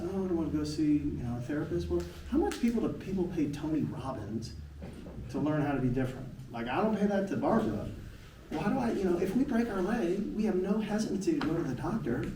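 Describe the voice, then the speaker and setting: A middle-aged man gives a live presentation as a motivational speaker, talking in an animated, emphatic way with lots of rhetorical questions. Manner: animated and emphatic, with big swings in pitch and frequent rhetorical questions. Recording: echoey, distant hall sound with faint noise.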